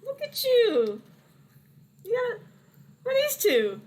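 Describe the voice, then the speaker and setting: A woman voicing a friendly, raggedy male tiefling uncle who welcomes his nephew with warm teasing. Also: very high voice, huge pitch swings, slow, pitched above the performer's own voice, exaggerated voice. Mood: welcoming.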